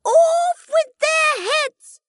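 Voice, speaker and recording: Storybook villain: shrill, screaming queen, slow, bellowed commands. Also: fairly bright tone, no room sound, clean studio sound, heavily acted. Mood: furious shouting. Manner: barking, screaming orders. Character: furious shrieking adult female queen, tyrannical. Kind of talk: storybook reading.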